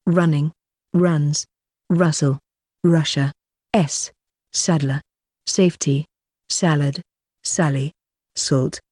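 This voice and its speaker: A woman reads out an alphabetical list of English words, one word at a time. Her voice sits low and a little husky, and she leaves long gaps between words. The sound is dry and close. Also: warm tone, dry recording.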